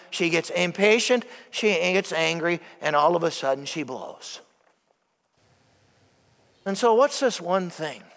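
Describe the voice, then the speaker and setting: A man's voice: sits high, a bit bright. A male priest giving a sermon in a church, emphatic and asking the congregation rhetorical questions. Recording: long church reverb.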